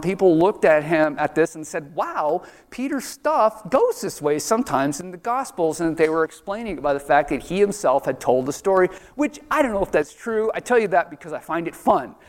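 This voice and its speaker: Lively chatty man preaching in an echoing hall. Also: high voice, fairly quick, hardly any pauses. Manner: animated and chatty, acts out the voices in the story. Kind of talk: sermon. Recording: long reverb of a large hall.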